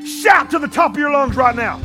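Man, very high voice, fiery shouted sermon, call-and-response, faint music behind. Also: expressive, brisk. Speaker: pastor. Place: church.

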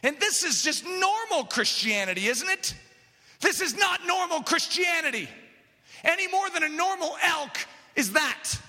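Male preacher, high bright voice, animated delivery, big reverberant hall. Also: measured pace. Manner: impassioned, builds to shouting. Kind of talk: sermon.

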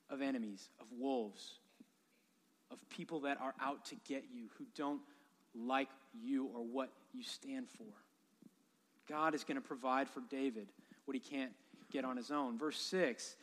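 A man's voice: medium pitch, a bit bright. A man in his thirties preaching a sermon, telling stories with humor and animation. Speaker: pastor. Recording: long hall reverb.

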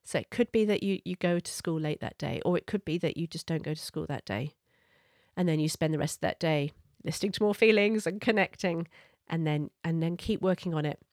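A middle-aged woman coach giving parenting advice in an earnest, gentle, conversational way. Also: deep voice, fairly quick, dry recording, studio quality.

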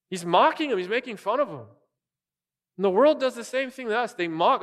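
A man preaching an earnest, animated sermon as pastor, often restarting his phrases. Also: high-pitched, brisk, big-room sound.

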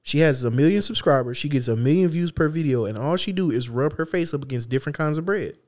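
A man co-hosting a podcast, chatting casually in loose slang, telling animated stories with acted-out quotes. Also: on the high side, fast talker. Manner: loose slangy speech with restarts. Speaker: podcast co-host. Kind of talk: casual chat.

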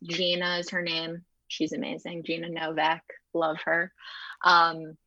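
A young adult woman from Chicago, a chef and TV host, telling her story as an interview guest in a fast, animated way, acting out quoted dialogue. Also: low voice, no room sound, highs cut off. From Chicago, United States.

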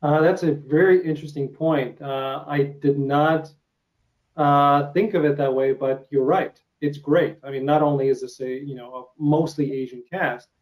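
A man's voice: a little high, steady tone, moderate pace, low-quality recording. A man from Ukraine with a Ukrainian accent, Russian his first language, interviewing an actor in a hesitant, filler-heavy casual chat. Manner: hesitant, many filler sounds and restarts.

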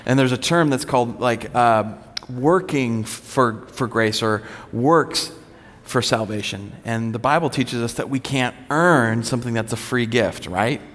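A man in a middle register preaches a conversational sermon, telling stories in a loose, relaxed way with self-deprecating humor. His voice rings out with the long reverb of a large hall. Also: medium pitch, measured pace. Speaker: pastor.

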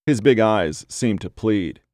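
A man narrating a story in a steady, measured reading voice. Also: lowish voice, dry recording, clean studio sound.

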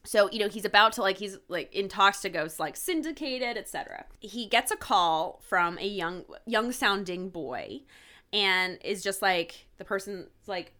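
A woman co-hosting a podcast recaps a TV episode in a loose, chatty, animated way, peppering her speech with "like" and acting out the characters' lines as she retells them. Her voice is mid-range, her pace moderate, and she rarely pauses.

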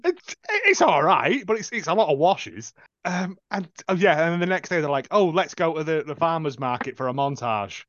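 A man with a fairly high voice that leaps all over the place as he recaps a film with dry sarcasm, dipping into quick character voices. The sound is dull and lo-fi, close and dry with no room around it. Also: big pitch swings, fairly bright tone, no echo. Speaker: podcast co-host. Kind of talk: casual film review chat.

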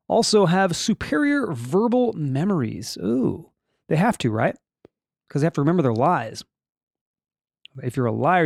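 Solo podcast host, male, slightly high voice with a lot of movement, jokey and rambling, dry close recording. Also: creaky, no echo. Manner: jokey, rambling asides, restarts and mispronunciations. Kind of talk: casual solo podcast, reading daily trivia and news.

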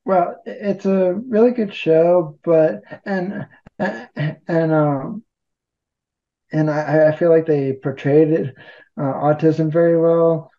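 A man's voice: fairly high pitch, slow pace, muffled recording. A man talking casually as an interview guest, rambling and poking fun at himself. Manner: rambling, self-deprecating humor. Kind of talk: casual conversation.

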